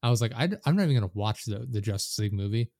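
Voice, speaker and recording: A man hosting a casual podcast, blunt and opinionated but relaxed in his delivery. His voice is recorded dry and close, with little room sound around it. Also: fairly low pitch, racing, vocal fry, dry recording. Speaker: podcast host.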